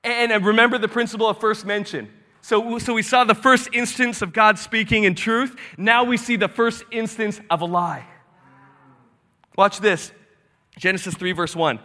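A male pastor delivers an animated, breathless sermon in a high, bright voice. He breaks into shouts now and then. The church hall adds a long reverb. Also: moderate pace.

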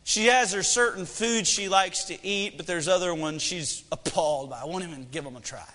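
A man's voice: high voice, moderate pace, pushed and bright, big-room sound, slight background noise. A man in his thirties preaching a sermon, mixing scripture reading with joking family stories and rhetorical questions. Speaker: pastor.

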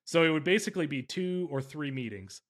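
A man's voice: fairly high pitch, expressive, fairly quick, a bit bright. A man hosting a podcast interview in casual chat, talking at length, emphatic and often correcting himself mid-sentence. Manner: rambling and emphatic, with frequent self-corrections. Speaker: podcast host.

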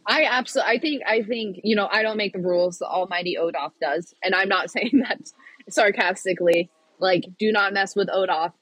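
A woman's voice: medium pitch, normal speed, a bit bright, no echo, rough recording. A woman guest on a podcast, chatting casually and animatedly, often laughing. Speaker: podcast guest, pickleball player. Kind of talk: casual chat.

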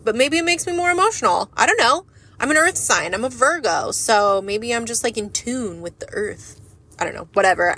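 A woman's voice: on the high side, fairly bright tone. Woman vlogger, candid monologue; frank, earnest, rambling, casual swearing. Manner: emotional and earnest. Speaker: lash business owner and vlogger.

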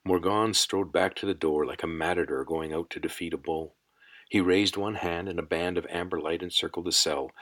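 A man narrating a fantasy audiobook in a measured, unhurried storytelling manner. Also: low-pitched, a bit bright. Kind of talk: scripted narration.

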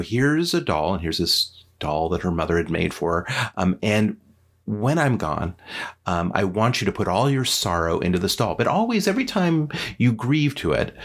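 A man casually retelling a folk tale in a conversational way, with many fillers and wry asides. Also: fairly low pitch. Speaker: storyteller.

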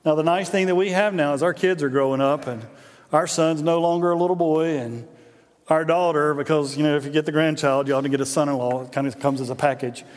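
A man's voice: fairly high pitch, steady tone, a little fast, a little mellow. A middle-aged man preaching a sermon as a pastor, in a conversational, joking storytelling manner that often repeats "and, and". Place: church sanctuary. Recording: long hall reverb in a church.

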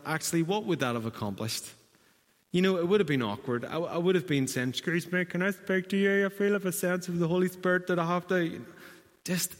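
Male preacher, mid-pitched, anecdotal and relaxed, long hall reverb. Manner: conversational storytelling, self-deprecating asides. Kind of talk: sermon.

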